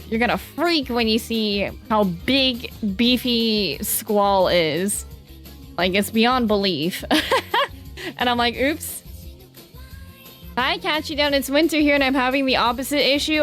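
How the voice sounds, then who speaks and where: A woman's voice: on the high side, fairly bright tone. A young woman with a Southern American accent, chatting casually with her live-stream chat in a bubbly, dramatic way. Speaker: VTuber streamer reading chat.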